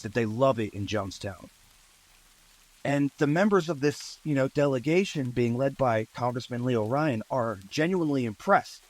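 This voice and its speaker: A man's voice: medium pitch, rough recording. Casual man telling a true-crime story. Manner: conversational, with asides and fillers.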